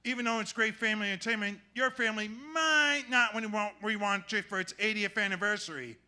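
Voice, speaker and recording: A man's voice: sits high, fast talker, sharp tone, clear, resonant tone. A man performing a short, earnest storytelling monologue on a club stage, using simple phrasing.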